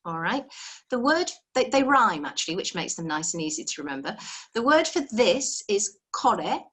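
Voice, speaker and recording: A woman's voice: mid-range voice, sing-song, normal speed, fairly bright tone, breathy edge. A woman teaching a live beginner language lesson over a video call, patient and encouraging, explaining step by step.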